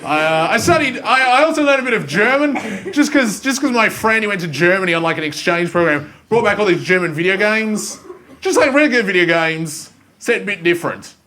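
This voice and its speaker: A young Australian man doing a self-mocking stand-up comedy set, animated and full of silly voices, in front of a live school audience. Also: high-pitched, brisk. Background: faint audience ambience and laughter.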